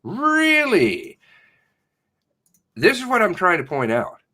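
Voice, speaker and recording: Guy ranting on a stream, sarcastic, mocking voices, high pitched and swingy. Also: wildly swooping pitch, takes it slowly, bright, forceful tone. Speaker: online commentator. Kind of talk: livestream commentary.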